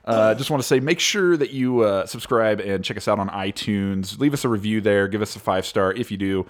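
A man's voice: on the low side, a little fast. Laughing male podcast host. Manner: jokey, laughs often while reading aloud. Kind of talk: casual podcast chat.

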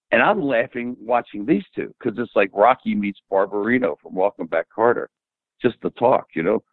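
A man in his seventies, an interview guest, telling animated anecdotes and acting out the dialogue. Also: mid-range voice, dry recording. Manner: animated anecdote teller who acts out quoted dialogue. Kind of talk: casual storytelling interview. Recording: tinny phone-like dry audio.

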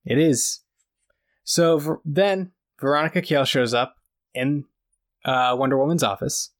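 A man's voice: a little high, steady tone, a little slow. Chatty man recapping with fillers. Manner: retells scenes with quoted dialogue, many fillers. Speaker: podcast co-host. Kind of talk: casual recap chat.

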